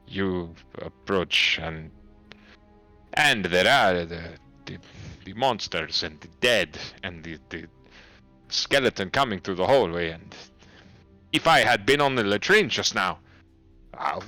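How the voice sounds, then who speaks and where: A man narrating as game master of a tabletop game, halting and often restarting as he describes the scene and speaks for the characters. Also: sits low, pushed and bright. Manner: halting, with many fillers and restarts.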